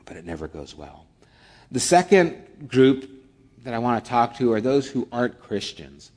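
A man's voice: medium pitch, big pitch swings, moderate pace. Earnest male pastor preaching. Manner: earnest, swings from forceful emphasis to hushed near-whispers. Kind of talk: sermon.

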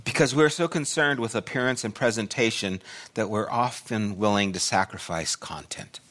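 An older man preaching a sermon as pastor, telling a personal story with loud bursts and quiet asides. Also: lowish voice, normal speed.

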